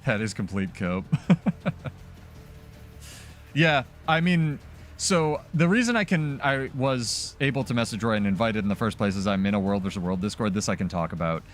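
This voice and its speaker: Man, low voice, casual live game stream chatter, rambling with fillers, faint music behind. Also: lively intonation, moderate pace. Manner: loose and chatty, many "like" fillers. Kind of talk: casual live gameplay commentary.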